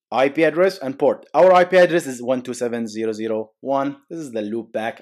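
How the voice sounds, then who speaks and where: A man's voice: medium pitch, a little mellow. A man hosting a casual coding tutorial, walking through code on screen with jokey asides and frequent "okay?" and "guys". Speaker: programming tutorial host.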